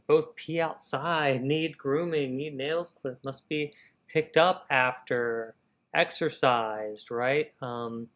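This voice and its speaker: Guy running a live writing stream, chatty, thinks out loud, calls everyone y'all. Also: fairly high pitch. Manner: energetic, thinking aloud, addressing viewers as y'all. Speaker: writer hosting a live writing session. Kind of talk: casual livestream talk.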